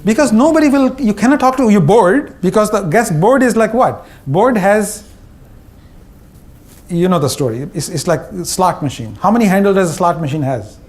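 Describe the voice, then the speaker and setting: Wry high-voiced Indian-accented man. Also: lively intonation, moderate pace. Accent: Indian English. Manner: wry, punchy, acts out quoted voices. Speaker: speaker, former CEO. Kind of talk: humorous conference talk.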